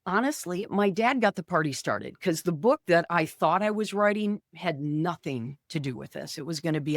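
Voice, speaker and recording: A woman's voice: fairly low pitch, normal speed, hardly any pauses, no room sound, clean studio sound. A woman in her fifties, an author and radio personality, telling a story as a guest in a casual interview. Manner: animated, vivid storyteller.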